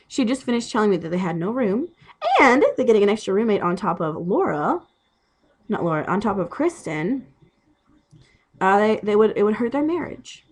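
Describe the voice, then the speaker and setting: A woman's voice: medium pitch, lively intonation, brisk. A young woman who is sick with a cough, ranting casually and profanely about a friend. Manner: exasperated, profane ranting storytelling. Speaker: vlogger. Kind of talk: casual rant.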